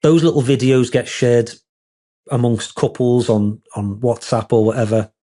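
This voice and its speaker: A man's voice: mid-range voice, fairly even intonation, unhurried, dark tone. A man, a wedding photographer being interviewed, talking in a rambling, candid, self-deprecating way.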